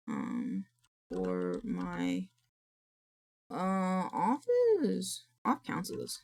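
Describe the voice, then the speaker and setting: A young woman streaming live, chatting casually, reading chat aloud and swearing a lot when excited. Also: on the low side, extremely slow, gravelly, long pauses.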